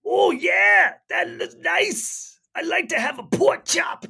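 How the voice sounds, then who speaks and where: A man putting on a loud, shouting mock as a blustery man. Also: expressive, slow, vocal fry, heavily acted. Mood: boisterous. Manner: shouting, high strained voice.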